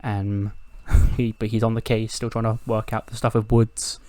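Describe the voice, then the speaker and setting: A man with a fairly low voice narrates his game playthrough in a loose, chatty way, jumping into playful voices for the characters. The sound is dry and close to the mic, with no room around it. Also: little pitch movement, normal speed, warm tone, no echo. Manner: acts out quoted lines in playful put-on voices, laughs often, swears. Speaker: game series host. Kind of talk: casual let's-play narration.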